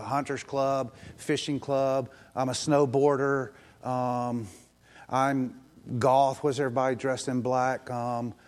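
A pastor preaching a lively sermon at a church service, with quick asides and frequent "um" fillers. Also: male voice, medium pitch.

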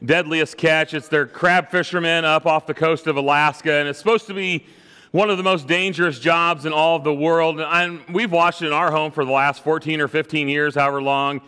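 A pastor preaching a sermon in a loose, conversational storytelling manner from a church stage microphone. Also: male voice, on the high side, level tone, brisk, sharp tone, smooth, in a large hall. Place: church sanctuary.

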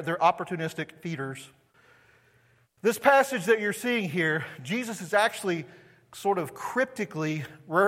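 Conversational pastor preaching in a reverberant hall. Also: male voice, on the high side, fairly bright tone. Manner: conversational preaching with rhetorical questions to the congregation. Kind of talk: sermon. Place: church sanctuary.

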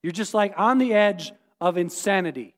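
Sex: man. Role: pastor. Style: sermon. Pitch: very high for a man. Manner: animated, playful, questioning the congregation. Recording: echoey hall reverb. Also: normal speed. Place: church sanctuary.

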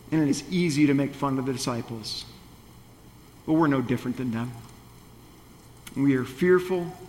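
Pastor preaching in a reverberant church. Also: male voice, fairly high pitch. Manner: conversational, playful asides and acted quotes. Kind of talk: sermon.

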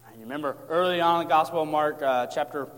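Male preacher, slightly high voice, expository sermon with fervent peaks, echoing sanctuary sound. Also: fast talker, fairly bright tone. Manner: expository, rising to impassioned emphasis. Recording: long hall reverb.

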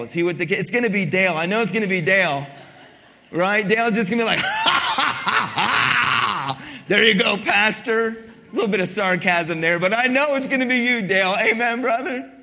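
A man's voice: high voice, sharp tone. A man preaching a sermon as pastor, talking conversationally and teasing his congregation, repeating key lines.

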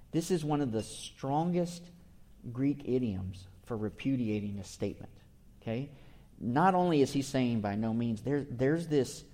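A man's voice: medium pitch, dark tone. A man preaching a verse-by-verse sermon in a conversational way, explaining word by word and often asking his listeners "right?".

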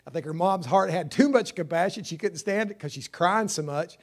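A middle-aged man preaching a sermon, stretching key words and climbing in pitch to drive points home. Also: fairly quick.

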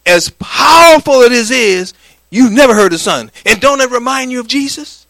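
A middle-aged man preaching a sermon, swinging from loud declarations to hushed lines and calling for the congregation's answer. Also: very high-pitched, lively intonation, normal speed, creaky, no echo. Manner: calls for congregation response. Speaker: pastor.

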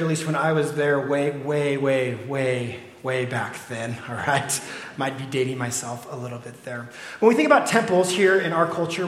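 A middle-aged man preaching a sermon as pastor, conversational, with rhetorical questions to the congregation. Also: fairly high pitch. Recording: echoey hall.

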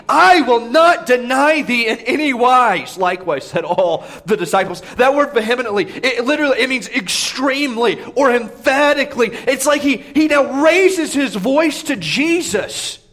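A man, a pastor, preaching a sermon with emphatic delivery that swings between hushed and raised moments. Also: very high-pitched, lively intonation, unhurried.

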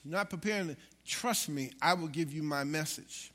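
High, bright-voiced preaching man. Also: normal speed, few pauses. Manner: lively preaching with asides to the congregation. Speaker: pastor. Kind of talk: sermon.

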